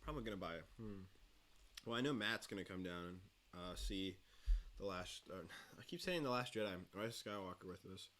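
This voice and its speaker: A man's voice: sits low, animated, fairly quick, a bit bright. A young man hosting a livestream, chatting casually and mumbling a bit while he eats. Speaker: livestream host. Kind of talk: casual chat while eating. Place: home studio, indoors.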